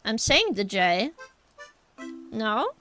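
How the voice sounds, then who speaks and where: A woman's voice: on the high side, sing-song, very slow, pushed and bright, faint music behind. A young woman with a Norwegian accent, chatting casually with her stream chat while drawing, rambling and addressing viewers directly.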